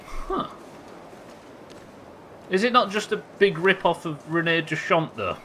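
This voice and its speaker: A bright, forceful-sounding man with a Yorkshire accent talks to his live-stream chat. He jokes and swears freely in a loose, chatty way. A faint hiss sits under the voice. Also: a little high, animated, measured pace. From Yorkshire, England. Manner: sweary, joking, chatty with viewers.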